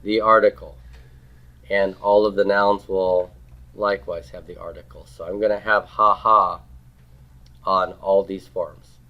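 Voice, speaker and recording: Speaking in a low, level voice at a measured pace with long pauses, a man runs a grammar class. He questions students, echoes their answers back and has them say words aloud, captured in a slightly dull lo-fi classroom recording.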